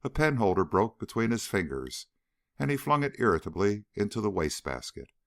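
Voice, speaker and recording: A male narrator reads a story aloud with expressive storytelling. His voice is very low and moves animatedly through pitch. The recording is dry and close. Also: fairly quick, vocal fry, dry recording. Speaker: audiobook narrator. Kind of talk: scripted narration.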